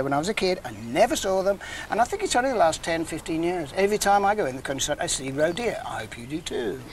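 A man in his sixties from England presenting a live wildlife broadcast in a chatty, jokey, self-deprecating way. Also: sits high. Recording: faint outdoor background noise.

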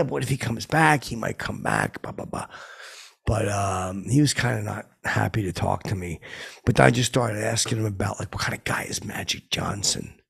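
A worn-out, rambling has-been singer, played by a man talks in a low, rough, gravelly voice. He wanders off-track constantly and mumbles his asides. This is an improvised comedy character monologue. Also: exaggerated voice. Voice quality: very raspy, gravelly. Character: tired rambling washed-up male pop singer, middle-aged.

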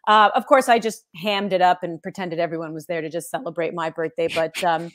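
Animated woman sportscaster telling stories. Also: on the low side, a little fast. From Canada. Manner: animated storytelling, laughs often. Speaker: sportscaster guest. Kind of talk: casual interview chat.

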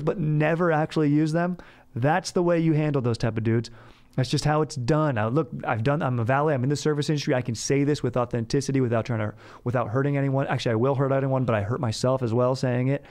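A man's voice: medium pitch, quick pace, a little mellow. A man hosting a comedy podcast, rambling in slangy, laid-back banter. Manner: slangy, rambling, says dude a lot. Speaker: podcast host.

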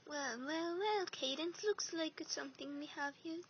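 A woman's voice: high voice, normal speed, natural voice. A woman voicing a possessed, villainous pony princess who makes gloating, purring threats, in a lo-fi homemade recording with hiss.

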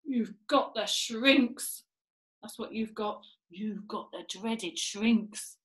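A woman reading aloud plays a nasty old man who taunts and gloats, loud and slowed down for effect. Her voice stays near its own pitch, in an echoey room. It is storybook reading for children. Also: lively intonation, natural voice. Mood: gloating. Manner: mocking, taunting.

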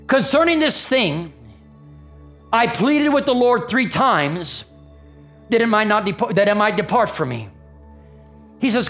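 A man preaching a sermon in a church, emphatic, swinging between raised exclaims and low murmurs. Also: fairly bright tone. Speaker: pastor. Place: church sanctuary.

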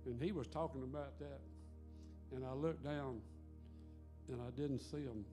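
A man's voice: mid-range voice, fairly even intonation, measured pace, dark tone, faint music behind. A man telling a homespun testimony before leading communion in a church. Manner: homespun storytelling. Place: church sanctuary.

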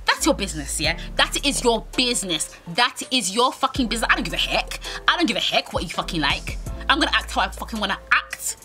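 Brash, lively young British woman. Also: fairly high pitch, fast talker. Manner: brash, profane, dramatic storytelling. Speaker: vlogger. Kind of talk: storytime vlog rant. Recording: music playing under the voice. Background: music.

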